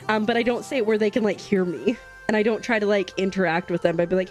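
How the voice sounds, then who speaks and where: This young craft livestreamer talks fast and on the high side, barely pausing as she stitches and bubbly rambles to her chat, reading and replying to messages. She's recorded at home on a desk mic, with faint music behind.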